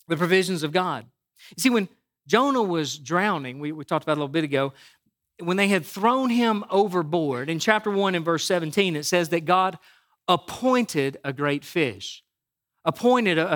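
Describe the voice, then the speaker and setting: A male pastor with a high, fairly bright voice preaches in a loose, conversational style, repeating words, restarting often, and asking the congregation "right?"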